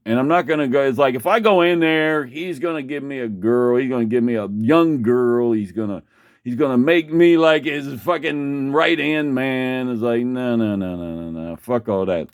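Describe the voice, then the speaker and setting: Man telling his own story, profane and meandering, mid-pitched, dry close sound. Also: normal speed, clear, resonant tone, no room sound. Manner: profane, rambling, restarts a lot. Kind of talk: rambling personal storytelling.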